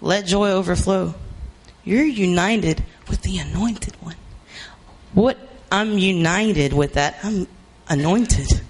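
A man preaching a sermon, emphatic and repetitive, rising to shouts for emphasis. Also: high-pitched, slow pace.

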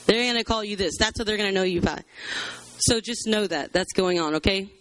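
A man's voice: high-pitched, brisk, fairly bright tone. A man teaching a Bible study to a church group in a chatty, conversational way, with many fillers. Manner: conversational, chatty, fills with "you know" and "um".

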